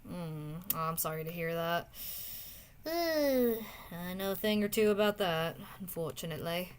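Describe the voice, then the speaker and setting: A young woman streamer chatting casually with viewers while drawing, often trailing off into soft muttering to herself as she works. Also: fairly low pitch, lively intonation, moderate pace, clean tone. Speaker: streamer drawing art requests.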